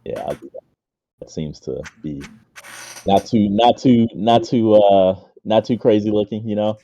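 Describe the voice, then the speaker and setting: A man's voice: fairly low pitch, unhurried, warm tone, lo-fi sound. A man playing a tabletop game, describing his moves hesitantly with many fillers. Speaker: player.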